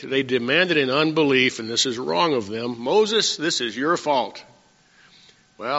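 A man's voice: mid-range voice, bright, forceful tone. A man preaching a Bible-study sermon in a conversational way, asking the congregation questions as he goes. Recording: muffled sound with long hall reverb.

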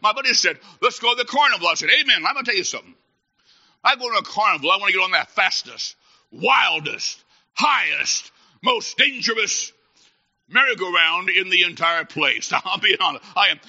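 A male Baptist preacher with a high, piercingly bright voice delivers a comic sermon, swinging from shouted mock excitement to soft earnest appeals. The recording sounds dull and lo-fi. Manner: animated storytelling, mock excitement, drops to soft earnest tones. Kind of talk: humorous sermon.

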